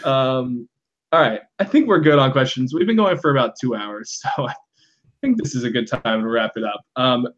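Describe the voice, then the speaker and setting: Hosting a casual live fan recap via video call, a man rambles along with plenty of ums, uhs, and laughter. His voice is mid-range at a normal speed, captured in lo-fi sound.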